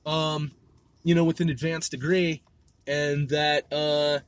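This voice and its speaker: A man's voice: a little high, level tone, slow pace, smooth, no room sound. A man hosting a solo podcast, rambling loosely with lots of swearing, fillers and repeated words. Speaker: podcast host.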